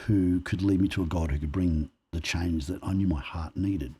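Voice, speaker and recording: A man's voice: low-pitched, normal speed, slightly rough. A man, a podcast guest, telling personal stories and acting out the dialogue as he goes. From Australia. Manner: animated storyteller who acts out quoted dialogue. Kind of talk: personal storytelling in conversation.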